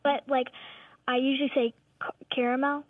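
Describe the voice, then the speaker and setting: High, breathy girl caller on a tinny phone line. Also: lively intonation, moderate pace, dry recording. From Texas. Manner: chatty, curious, easily amused. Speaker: young caller. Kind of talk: phone call to a radio show.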